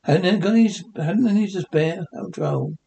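A man voicing a loud, blustering stone-age working man in a 1960s cartoon, gruff and quick to anger. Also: high voice. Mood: huffy.

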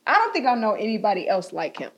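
A young woman in casual chat, animated and slangy, laughing often. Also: medium pitch, fast, husky.

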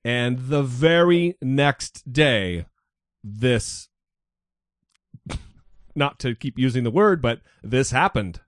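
A man's voice: medium pitch, expressive, very slow, long pauses, no room sound, clean studio sound. A man co-hosting a podcast, talking casually and mocking the news with sarcasm. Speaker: podcast co-host.

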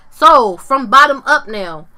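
Woman, 30s, bright tone, animated slangy podcast chat, laughs a lot. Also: high voice, slow. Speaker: podcast co-host. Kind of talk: casual chat.

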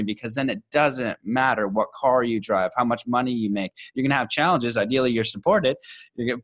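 A man's voice: mid-range voice, fairly bright tone, dry recording. Earnest, slangy young male podcast host. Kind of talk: casual conversation.

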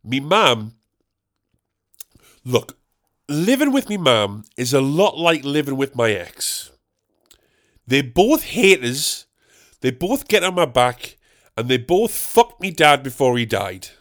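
A young man hosting a solo comedy podcast, goofy and animated, swearing freely as he rambles. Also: mid-range voice, takes it slowly, pauses often. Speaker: podcast host.

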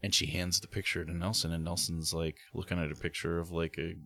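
Deep-voiced man telling a story. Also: a little fast. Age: 30s. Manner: animated storyteller, acts out quotes in high voices. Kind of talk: casual storytelling chat.

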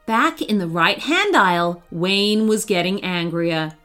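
A woman's voice: medium pitch, animated, unhurried, hardly any pauses, fairly bright tone, soft background music. A woman reading a children's story aloud, telling it expressively.

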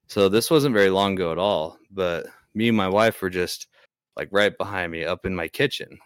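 A man's voice: low voice, moderate pace, smooth, dry recording, studio quality. A young man casually telling a ghost story on a podcast, rambling and restarting often. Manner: rambling, hesitant, many restarts. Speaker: podcast guest.

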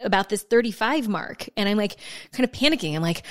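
Picture a woman in her thirties hosting a podcast, talking with blunt, emphatic candor and an easy habit of swearing. Her voice sits at a middle pitch, and her delivery is conversational and unpolished. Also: normal speed. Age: 30s. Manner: frank and emphatic, swears freely. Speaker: podcast host. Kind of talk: candid conversational chat.

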